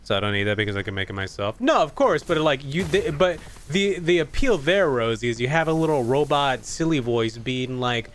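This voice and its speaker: A man's voice: medium pitch, expressive, brisk, hardly any pauses. A man streaming a video game, chatting casually in a rambling, profane way with many restarts. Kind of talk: casual gaming commentary.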